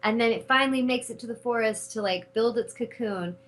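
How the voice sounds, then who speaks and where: A middle-aged woman hosting a spiritual talk show, speaking in an animated, casual way and cursing freely when she retells her anger. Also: fairly high pitch, a little fast, poor audio. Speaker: host.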